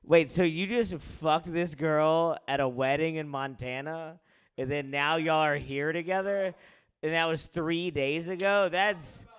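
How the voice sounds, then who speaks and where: A man hosting a comedy show, teasing the crowd in loud, profane stand-up crowd work on a club stage. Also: on the high side, measured pace, clear, resonant tone.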